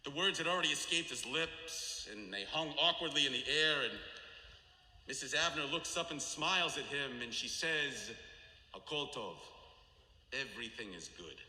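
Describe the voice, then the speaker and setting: A man giving a sermon as a rabbi, telling stories dramatically and slowing and dropping his voice low for solemn moments. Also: bright, forceful tone. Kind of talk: sermon storytelling. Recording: echoey hall with long reverb.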